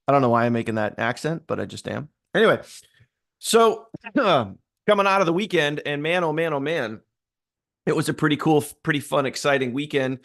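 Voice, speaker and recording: A man's voice: fairly high pitch, moderate pace, vocal fry, a bit bright. A man hosting a live stream in casual chat, upbeat and rambling, greeting viewers by name. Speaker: livestream host.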